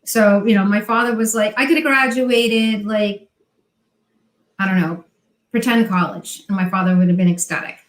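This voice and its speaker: A woman's voice: mid-range voice, steady tone, moderate pace. Middle-aged woman telling a story in an echoey room. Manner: acts out remembered dialogue in quoted voices. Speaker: guest, online seller. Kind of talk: storytelling interview talk.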